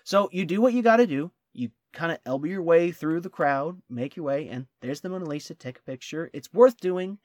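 A man co-hosting a travel talk, eager and quick to laugh, tripping over his words when excited. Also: fairly high pitch, dry recording. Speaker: travel vlog co-host. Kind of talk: casual travel chat.

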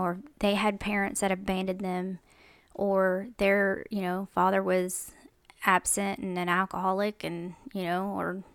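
A woman's voice: medium pitch, creaky, dry recording. A young woman talks casually about faith to her viewers, chatty and mimicking other people as she goes. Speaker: Christian vlogger. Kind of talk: casual faith talk to camera.

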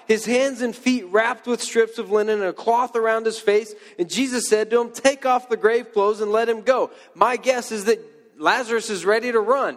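A man's voice: high voice, long reverb tail. A man preaching a sermon in a conversational way, with joking asides and playful quoted voices. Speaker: pastor.

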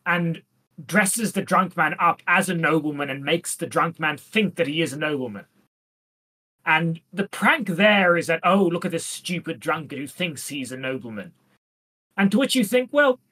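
A woman co-hosting a casual comedy podcast, talking in a deadpan, playful way and slipping into silly voices. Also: sits low. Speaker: podcast co-host. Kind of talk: casual comedic chat about Shakespeare.

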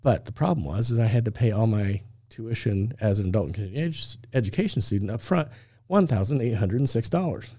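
Brief middle-aged male host, warm and relaxed tone, lively conversational storyteller, dry close sound. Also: on the low side, quick pace, dry recording. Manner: animated, stops often with "okay?" to check in with listeners; acts out the dialogue of the people in his story. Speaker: podcast host.

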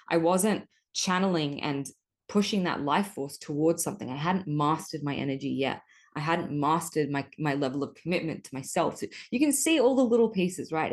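A woman with a low voice talks through a solo podcast episode. She is casual and animated, and she swears freely. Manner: animated, swears often, spiritual language. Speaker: podcast host.

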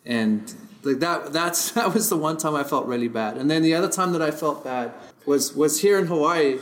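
A man's voice: a little high, moderate pace, slight background noise. A man from South Africa, a podcast guest telling stories in casual chat, rambling and heavy on fillers, often chuckling as he talks. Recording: roomy podcast room echo.

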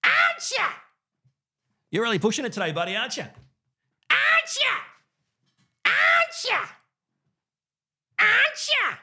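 A man putting on a shrill, squeaky falsetto voice that repeats one taunting phrase over and over, backed away from the microphone. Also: wildly swooping pitch, measured pace, creaky, pauses often, bright, forceful tone, exaggerated voice. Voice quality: piercing falsetto.

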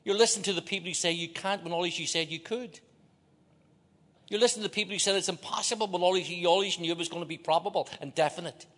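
Older belfast guy preaching hard, voice sits kinda high, gets loud then goes quiet, big echoey church. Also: fast. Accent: Northern Irish, Belfast. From Northern Ireland. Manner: impassioned, swinging from loud exhortation to hushed confession, joking asides. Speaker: visiting preacher. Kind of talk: sermon. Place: large church auditorium. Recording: long hall reverb in a big church.

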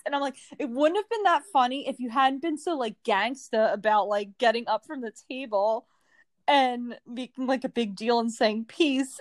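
A woman's voice: on the high side, moderate pace, no room sound. A woman co-hosting a podcast in casual chat, telling stories with lots of laughter. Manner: animated storyteller, laughs often. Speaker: podcast co-host.

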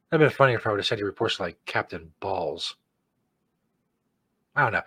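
Man, comedy host, crude, mocking, loud sudden outbursts, dry close mic. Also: lowish voice, animated, brisk, pauses often, husky, dry recording. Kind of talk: comedic commentary.

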